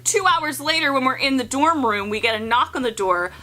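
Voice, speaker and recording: A young woman in her twenties telling casual stories to camera, animated and profane, acting out the people she quotes. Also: high voice, brisk. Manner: animated, profane, acts out quotes in shifting voices. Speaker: vlogger. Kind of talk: casual storytelling.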